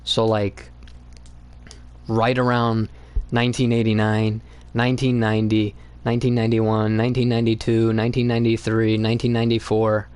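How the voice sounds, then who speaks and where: A man's voice: lowish voice, clear, resonant tone. Blunt, profane young man ranting about comics. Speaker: comics channel host. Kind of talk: casual opinionated monologue.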